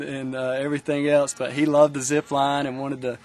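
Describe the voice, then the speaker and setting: A man on the camp staff telling a personal story in an interview, in a halting way with many fillers and repeats. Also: medium pitch, little pitch movement.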